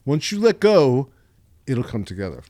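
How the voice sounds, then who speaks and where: An older man talking as a guest on a podcast, dry and musing, with a deadpan manner and frequent restarts. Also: mid-range voice, moderate pace, dry recording. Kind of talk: casual podcast conversation. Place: podcast studio.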